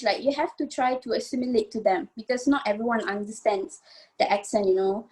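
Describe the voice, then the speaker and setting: This is a young woman from Malaysia, speaking with a somewhat high voice. She is a panelist in an online forum, talking earnestly and conversationally with lots of fillers. She is heard over a video call. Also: a little fast.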